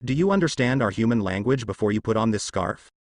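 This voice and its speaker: Bewildered, stiff father figure in a storybook, read by a man, lively reading. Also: on the low side, quick pace, dry recording, natural voice. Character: stunned adult man, father of an inventor.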